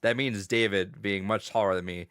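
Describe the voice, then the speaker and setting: A man's voice: on the low side, steady tone, moderate pace, a bit bright, clean tone, no echo, clean studio sound. A man co-hosting a podcast in casual chat, enthusiastic and joking with his co-hosts. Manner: chatty and enthusiastic, jokes with co-hosts. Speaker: podcast co-host.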